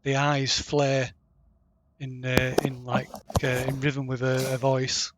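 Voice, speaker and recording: A man narrating as game master, halting and restarting with many fillers. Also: mid-range voice, monotone, heavy background noise.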